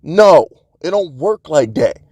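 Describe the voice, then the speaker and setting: A man's voice: a little high, sing-song, slow pace, darkish tone, slightly rough, no echo. A man hosting his own sports channel, delivering a heated, fired-up commentary rant in streetwise slang.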